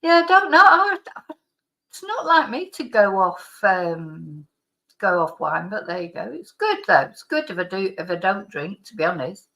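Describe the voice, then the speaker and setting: A woman's voice: mid-range voice, very animated, moderate pace, sharp tone. Middle-aged woman chatting on a live stream, rambly, lots of restarts, bit of a cough. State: slight lingering cough. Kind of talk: casual chat reading out viewer comments.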